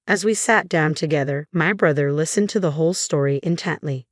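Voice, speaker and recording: A woman narrating a first-person drama story in an even, measured delivery. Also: low voice, dry recording, clean studio sound.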